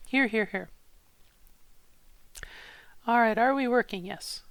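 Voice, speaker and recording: A woman's voice: fairly high pitch, slow pace, pauses often, no echo. A middle-aged woman in a casual vlog, thinking aloud in an unsure way and often restarting her sentences. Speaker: vlogger.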